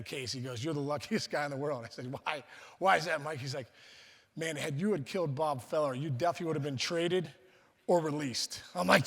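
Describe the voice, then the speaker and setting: A man's voice: on the high side, fairly bright tone. A middle-aged man from Pittsburgh gives a storytelling speech at a luncheon. He acts out the voices of the people he quotes and often restarts his sentences. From Pittsburgh, USA. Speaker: guest speaker. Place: large banquet hall. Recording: reverberant banquet hall.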